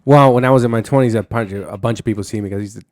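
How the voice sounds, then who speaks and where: Fast-talking rambling man on a podcast. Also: lowish voice. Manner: rambling storyteller, swears freely, laughs often. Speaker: podcast host. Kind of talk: casual podcast chat.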